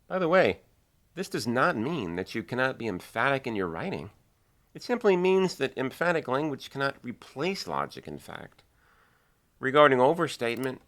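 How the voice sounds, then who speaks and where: A middle-aged man giving a measured, earnest video lesson on writing. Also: mid-range voice, a bit bright. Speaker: writing teacher.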